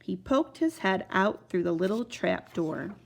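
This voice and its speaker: Animated woman reading a children's story. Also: mid-range voice, a little slow, vocal fry. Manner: expressive, animated narration.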